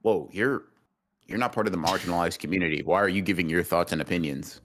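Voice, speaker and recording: This young man co-hosts a casual podcast livestream, teasing his friend and reading super chats. He talks at a quick pace with a somewhat bright tone, breaking into sudden high-pitched bursts.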